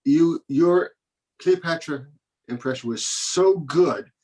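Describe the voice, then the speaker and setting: A man's voice: on the high side, takes it slowly, darkish tone, breathy edge. Male comedy host, casual and rambling, stumbling restarts, video-call audio. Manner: rambling, hesitant, full of restarts. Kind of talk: casual hosting, closing remarks.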